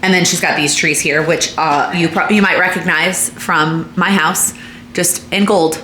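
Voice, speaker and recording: A woman's voice: fairly low pitch, steady tone, moderate pace, noisy background. A young woman vlogging from home in a casual chatty way, with lots of likes and ums. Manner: chatty, filler-heavy, with frequent likes and ums. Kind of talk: casual chat to camera. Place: at home, indoors.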